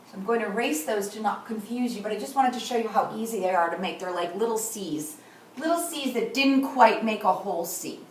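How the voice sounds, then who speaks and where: A middle-aged woman teaches kindergarten in a patient, deliberate way, stretching out words for young learners. Her voice sits fairly high, and she sounds set back from the mic in a room with a lot of echo and a faint hiss behind her. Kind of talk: teaching a class. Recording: echoey room, far from the mic.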